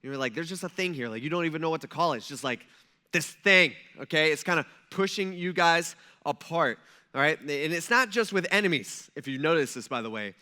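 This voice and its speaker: A man's voice: on the high side, expressive, a little fast, bright, forceful tone. A man preaching a conversational sermon in a church, telling stories and acting out quoted asides. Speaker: pastor.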